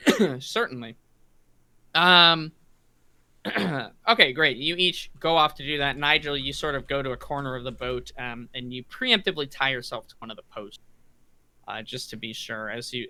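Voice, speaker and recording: A man narrating as game master of a tabletop game, halting with restarts and throat clearing. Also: medium pitch, sharp tone, no echo.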